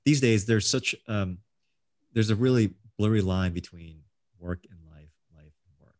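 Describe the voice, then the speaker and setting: A man's voice: fairly low pitch, measured pace, a little mellow, no echo, clean studio sound. A middle-aged man hosting a casual interview, rambling with many ums and restarts. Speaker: host.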